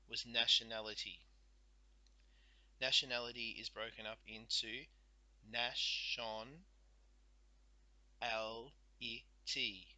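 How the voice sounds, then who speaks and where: A male teacher explains spelling in a very bright, sharp voice, slowing down to sound out each letter and syllable. The recording is close and dry, with no room sound. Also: mid-range voice, dry recording, poor audio.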